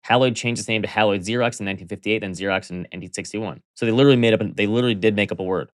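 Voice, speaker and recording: A man's voice: fairly low pitch, racing, no echo, clean studio sound. A man co-hosting a podcast, easygoing and enthusiastic in casual chat. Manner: easygoing, enthusiastic about favorites. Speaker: podcast co-host.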